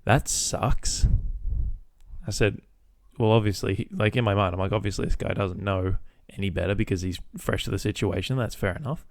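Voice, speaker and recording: Fairly low and marked by vocal fry, this man's voice moves at a moderate pace in a studio-quality recording with no room sound. As a podcast host, he tells a casual, profane story about his workday, voicing both sides of phone calls.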